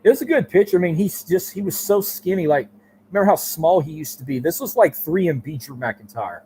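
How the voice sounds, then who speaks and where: A man guesting on a podcast interview, telling loose, animated stories with casual swearing. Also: a little high, a little fast, slight background noise. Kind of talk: casual chat.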